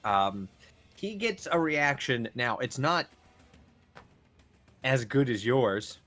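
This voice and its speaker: Brief: an unhurried male game master with a mid-range voice, rambling and lively. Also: medium pitch, soft background music. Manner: rambling, full of fillers, animated. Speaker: dungeon master. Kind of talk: narrating a tabletop game.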